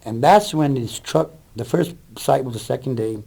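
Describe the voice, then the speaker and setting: A man's voice: mid-range voice, moderate pace, vocal fry, mellow, slightly rough. A plainspoken man telling about a rescue in an interview. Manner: blunt, plainspoken. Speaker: volunteer rescuer. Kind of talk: interview storytelling.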